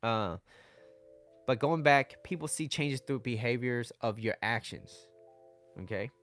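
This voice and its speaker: A man's voice: medium pitch, lively intonation, measured pace, fairly bright tone, faint music behind. A man coaching viewers on dating and relationships in a casual livestream, often checking in with "right?" and "okay?".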